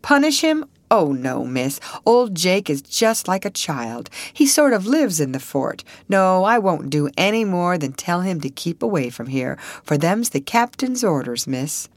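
A woman's voice: fairly low pitch, big pitch swings, a little slow, few pauses, no room sound, voice pushed up, full character voice. A woman reading an audiobook voices a kindly, polite male soldier who talks in a reassuring, chatty way.

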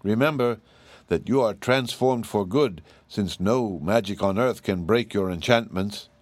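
A man's voice: lowish voice, unhurried, no echo. A man reading aloud, voicing a domineering, gloating female giantess witch in a storybook. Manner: domineering, pleased with her power.

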